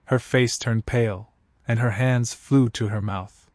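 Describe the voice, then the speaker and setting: A man telling a dramatic first-person story in steady, scripted narration. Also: medium pitch, measured pace, dry recording, studio quality.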